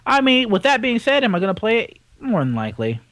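Animated man ranting about a video game. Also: sits high, quick pace, no room sound, low-quality recording. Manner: animated, rambling, opinionated gamer talk. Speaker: podcast co-host. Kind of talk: casual chat.

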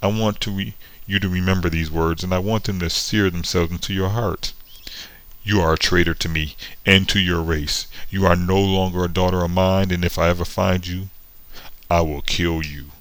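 A man's voice: deep voice, fairly even intonation, normal speed, a bit bright. A man reading as a cold stern squirrel father. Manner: cold, threatening.

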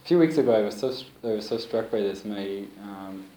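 A man giving an informal talk to a small group, telling stories in a relaxed way and laughing often. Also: lowish voice, brisk. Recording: roomy, faint background hiss.

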